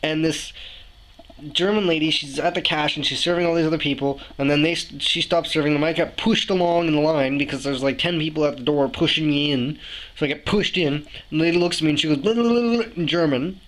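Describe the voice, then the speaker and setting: A man's voice: fairly high pitch, fast, a little hiss or hum, rough recording. Young man, ranting vlog. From Canada. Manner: animated, ranting, exasperated asides. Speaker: vlogger. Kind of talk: casual storytelling to camera. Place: indoors, room with a window. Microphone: camera mic, talking to camera.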